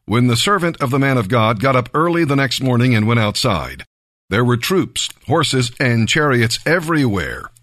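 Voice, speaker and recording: Slow, measured male scripture reader. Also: medium pitch, big pitch swings, a bit bright, no echo, studio quality. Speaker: Bible reader.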